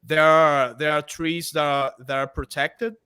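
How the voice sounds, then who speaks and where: A man from Brazil, speaking English haltingly as a podcast guest. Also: on the high side, level tone, bright, forceful tone, smooth, no echo, clean studio sound. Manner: halting, searching for words. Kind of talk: casual chat.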